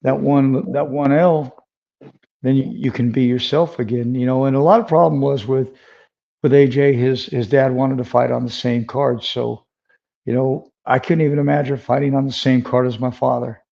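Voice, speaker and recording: A man's voice: medium pitch, fairly even intonation, normal speed, gravelly, warm tone. An older man hosting a fight podcast, chatting casually and rambling through his questions. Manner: rambling, conversational, many fillers. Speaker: podcast host. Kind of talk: casual interview chat. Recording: dull lo-fi sound.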